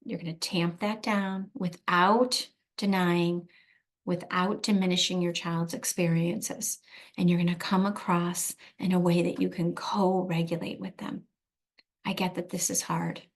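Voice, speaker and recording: Earnest woman giving advice, lower voice. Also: flat delivery. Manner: earnest, emphatic, slows down to stress points. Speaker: therapist. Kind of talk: direct-to-camera advice talk.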